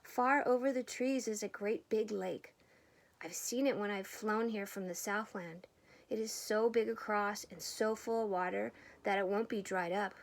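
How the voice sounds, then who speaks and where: A woman doing a loud, excited storybook duck. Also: medium pitch, moderate pace, gravelly, natural voice. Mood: eager. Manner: loud eager quacking cries. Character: excited bossy duck leading the way.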